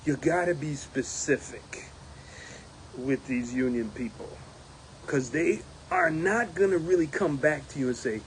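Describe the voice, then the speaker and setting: Man, union steward, casual spoken report, animated, laughs often, fairly high voice, faint background noise. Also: unhurried. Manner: animated, laughing, mimics others in raised voice.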